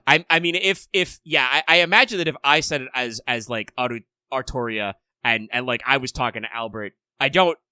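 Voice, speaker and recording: A man's voice: mid-range voice, brisk, few pauses, bright, forceful tone, smooth, no echo. An American man co-hosting a casual podcast chat, rambling with frequent restarts and wry asides. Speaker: podcast co-host.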